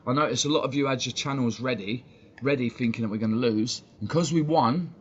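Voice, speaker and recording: A man hosting a fan channel, ranting heatedly and swearing a lot during live-stream commentary. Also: medium pitch. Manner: heated, sweary, fast-talking rant. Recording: dull lo-fi stream audio with faint noise.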